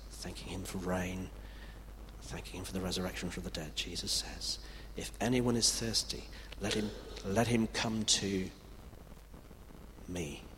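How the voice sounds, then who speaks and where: A man preaching a sermon with emphatic delivery. He swings from loud declarations to hushed passages. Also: sits low. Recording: reverberant hall with faint background noise.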